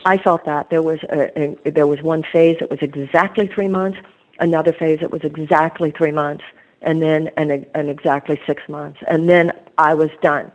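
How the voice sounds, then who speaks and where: A woman's voice: low-pitched, steady tone, moderate pace, narrow, tinny audio. A woman author being interviewed, telling her story in an earnest, reflective way. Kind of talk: conversational interview.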